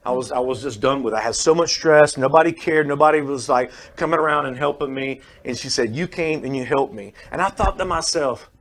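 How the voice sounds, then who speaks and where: A man's voice: medium pitch, brisk, hardly any pauses. A man, a pest control worker who is also a pastor, telling an earnest story as a guest in a radio studio and acting out the people he quotes.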